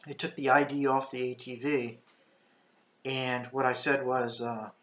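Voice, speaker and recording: Intense retired ranger telling a story. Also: male voice, mid-range voice, flat delivery. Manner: intense, shouts quoted commands; halting, restarts often. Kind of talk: first-person storytelling. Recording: echoey, slightly dull sound.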